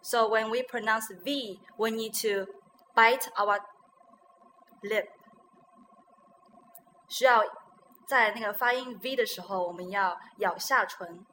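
A native Chinese speaker with a Chinese accent teaches English pronunciation in a bilingual lesson, repeating words after a guest to check them. Her voice is fairly high, bright and pushed, at a moderate pace, over slight background noise on poor audio.

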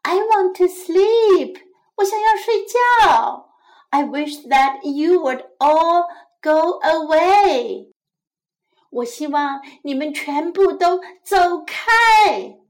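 A woman's voice: high-pitched, lively intonation, slow. A woman voicing a sleepy, fed-up storybook mouse. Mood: exasperated. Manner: pleading, growing exasperated.

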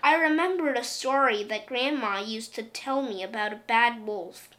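A woman reading a children's picture book aloud in a gentle, expressive way. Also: a little high, normal speed. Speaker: storyteller.

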